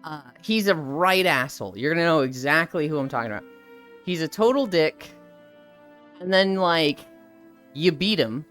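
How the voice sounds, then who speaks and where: A young woman streamer with a deep voice chats casually and animatedly on a live stream, at a moderate pace with frequent pauses and faint music behind her. She swears freely while ranting about a game's story.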